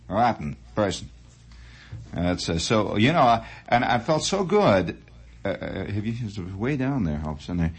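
Husky, lively rambling radio host. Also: male voice, low-pitched, normal speed. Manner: musing, digressive storytelling with many restarts. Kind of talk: rambling late-night radio monologue.

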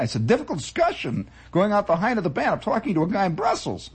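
Husky-voiced man spinning a lively yarn. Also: high voice, quick pace, hardly any pauses. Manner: animated, rambling, chuckling asides. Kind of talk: spoken monologue storytelling.

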